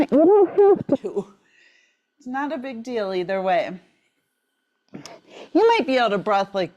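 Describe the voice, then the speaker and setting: A woman teaching a yoga class while moving along with it, out of breath, encouraging and relaxed, often repeating "right?" and "maybe you're here.". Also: fairly high pitch, highs cut off. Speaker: yoga instructor. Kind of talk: guided yoga class instruction.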